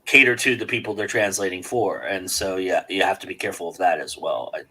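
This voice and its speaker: A man hosting a casual round-table podcast, talking in an animated, rambling way with many fillers. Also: sits low, brisk, slightly rough, rough recording. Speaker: podcast host.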